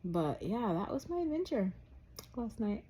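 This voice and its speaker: A young woman vlogger telling a casual story, animated and quoting herself in a raised voice. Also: mid-range voice, a little slow, slightly rough.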